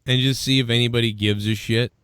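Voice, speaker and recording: A man from the Boston area with a softened Boston accent, hosting a live show in loose, profane, rambling chat. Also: mid-range voice, fairly even intonation, quick pace, smooth, dry recording, studio quality. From Boston area, USA. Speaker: podcast host.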